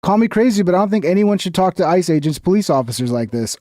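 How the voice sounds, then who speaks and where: A man's voice: high voice, expressive, fast talker, dark tone, no echo, clean studio sound. Crude swearing man streaming commentary. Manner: crude, swearing, mocking impressions. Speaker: streamer reacting to clips. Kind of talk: casual live-stream commentary.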